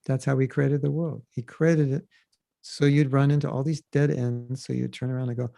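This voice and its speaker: A man hosting a podcast, teaching scripture in a casual, animated way and acting out quoted voices. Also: mid-range voice, moderate pace, creaky, dry recording.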